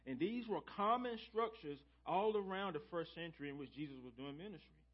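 A man's voice: sits high, animated, fairly quick, muffled recording. A male pastor preaching a sermon to his church, calling out to the congregation and repeating key phrases for emphasis. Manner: preaching with call-and-response and repetition. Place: church sanctuary.

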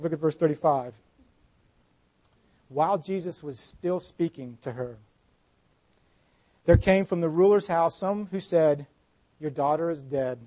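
A man preaching a sermon in an earnest way, dropping his voice softly when he speaks Jesus' words. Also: a little high, dry recording, poor audio. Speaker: pastor.

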